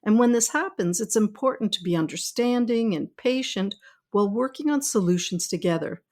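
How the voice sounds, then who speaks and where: A middle-aged woman pediatrician hosting a podcast, speaking in a calm, reassuring, explanatory way. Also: mid-range voice, normal speed. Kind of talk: scripted podcast talk.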